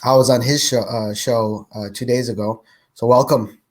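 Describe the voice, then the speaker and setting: A man's voice: mid-range voice, fairly even intonation, normal speed. A man hosting a business podcast, talking in an easygoing, conversational way. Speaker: podcast host. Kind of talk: casual interview chat.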